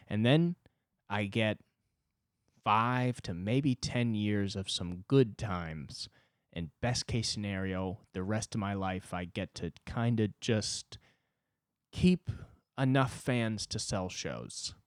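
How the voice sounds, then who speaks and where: A man in his twenties hosting a solo comedy podcast, talking self-deprecatingly and swinging between loud outbursts and low muttering. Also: slow pace, clean tone, dry recording, studio quality. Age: 20s. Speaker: podcast host.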